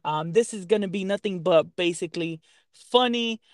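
A high-pitched man trading swaggering, teasing banter on a podcast. His voice sits dry and close to the mic, with nothing behind it. His talk is loose, heavy on slang and swearing. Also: moderate pace, dry recording. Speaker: podcast co-host. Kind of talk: casual banter.

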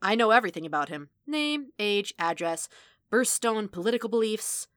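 A woman voicing a brash, joking male mercenary on the phone, loud and theatrical. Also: medium pitch, animated, moderate pace, dry recording, studio quality, pitched above the performer's own voice, close to an everyday voice. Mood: brash teasing.

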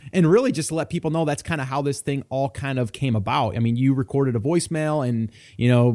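A man's voice: medium pitch, darkish tone. A man hosting a podcast, introducing a voicemail and then interviewing a guest in an upbeat, chatty way with plenty of fillers. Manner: upbeat, laughs often, filler-heavy. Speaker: podcast host.

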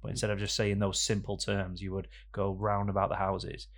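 Male podcast host, casual studio banter, low and gravelly. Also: monotone, fairly quick. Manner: joking, rambling banter with sudden loud bursts. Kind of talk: casual chat. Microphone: studio microphone.

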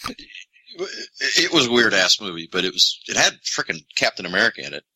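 A man's voice: lowish voice, sing-song, normal speed, pushed and bright, breathy edge, rough recording. A man co-hosting a movie podcast, rambling and restarting as he thinks aloud. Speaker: podcast co-host. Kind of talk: casual podcast chat.

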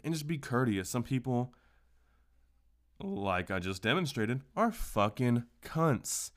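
A man's voice: mid-range voice, sing-song, takes it slowly. A man hosting a casual solo podcast, telling stories in a profane, ranting way. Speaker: podcast host.

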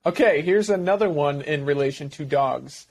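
A man's voice: a little high, moderate pace, a little mellow. A man co-hosting a podcast in a playful, casual chat, laughing easily. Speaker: podcast co-host.

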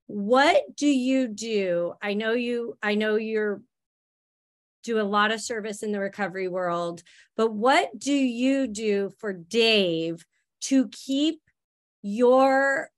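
A woman hosting a podcast, asking questions and affirming her guest in a gentle, slow manner. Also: a little high. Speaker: podcast host. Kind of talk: interview podcast.

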